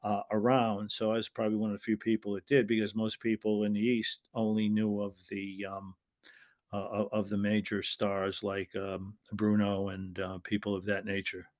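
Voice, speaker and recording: A man's voice: fairly low pitch, completely flat delivery, moderate pace, darkish tone. An older American man, a former wrestling referee, telling long stories in an interview, rambling with restarts and acting out quoted voices. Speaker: guest, retired wrestling referee. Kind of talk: anecdotal interview storytelling.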